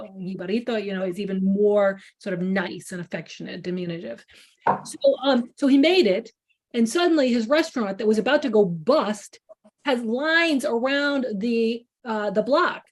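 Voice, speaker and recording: Chatty Chicago-accented woman, high voice. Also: moderate pace. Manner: chatty storyteller, acts out quoted people. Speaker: culinary journalist, author. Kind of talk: library book talk over video call.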